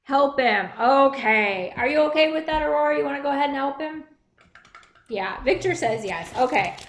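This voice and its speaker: A woman's voice: high voice, expressive, normal speed. A woman pastor giving a children's message, asking the children friendly questions. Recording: echoey room.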